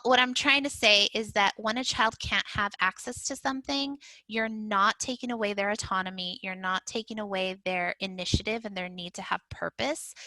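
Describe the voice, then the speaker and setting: A woman's voice: medium pitch, sharp tone, no room sound, rough recording. A woman educator giving a conversational parenting talk, with frequent fillers and restarts. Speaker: early childhood educator.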